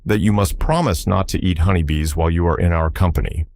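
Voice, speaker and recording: A man's voice: low voice, fast talker, a little mellow. A man voicing an earnest, polite young boy in a storybook reading. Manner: earnest, pleading.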